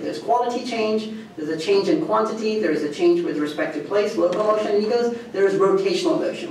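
Animated man lecturing in an echoey room. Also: sits high, far from the mic, slight background noise. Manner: animated, acts out quoted arguments, asks "right?" often. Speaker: history professor giving a guest lecture. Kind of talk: academic lecture.

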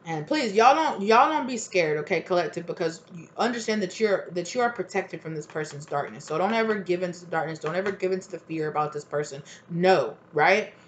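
Woman tarot reader, casual monologue, lower-pitched, loose and chatty, faint noise floor. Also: a little fast, hardly any pauses. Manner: rambling, animated, swears freely, acts out quotes.

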